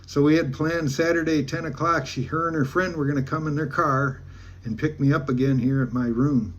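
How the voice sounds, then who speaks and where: A man's voice: fairly high pitch, steady tone, brisk. A man from Alaska, a travel vlogger, telling a rambling, folksy story in casual talk with many restarts.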